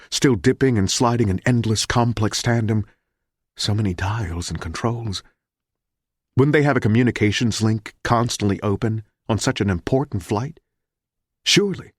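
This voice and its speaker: A man reading a thriller audiobook in a measured, grim narration. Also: on the low side, dry recording, studio quality.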